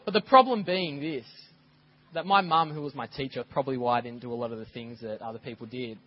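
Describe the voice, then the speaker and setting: A man preaching a sermon as a pastor, telling stories in a lively way and acting out scenes. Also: a little high, slightly rough, highs cut off. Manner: animated storytelling, acts out scenes. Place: church.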